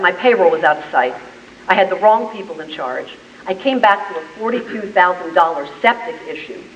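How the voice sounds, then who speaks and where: A woman's voice: medium pitch, a bit bright, a little hiss or hum. Woman telling a story in an echoey hall. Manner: vivid storyteller who acts out scenes. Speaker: business owner giving a talk. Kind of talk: inspirational speech with storytelling. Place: large meeting room. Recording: echoey hall, far from mic, dull.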